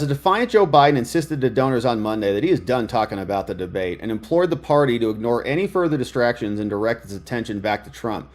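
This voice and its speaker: A man doing live political commentary, sarcastic and excitable as he reads news items aloud. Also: medium pitch.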